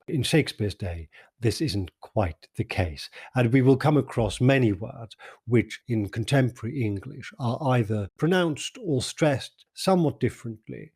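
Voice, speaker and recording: A man hosting a poetry podcast, explaining a sonnet line by line in a measured, precise lecturing manner. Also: fairly low pitch, animated, darkish tone, husky. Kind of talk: explanatory commentary on verse.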